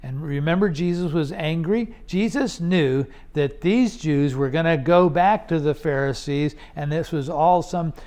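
A man's voice: a little high, unhurried, few pauses, a little mellow. A man teaching through a Bible passage verse by verse, explaining in a conversational way with rhetorical questions and frequent restarts.

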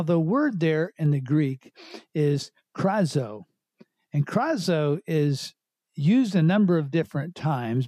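A man leads a verse-by-verse Bible study, working through scripture in an unhurried, explanatory way and often restarting his phrases. His voice sits a little high for a man but sounds soft and mellow. The recording is close and dry. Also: no room sound. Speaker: Bible teacher.

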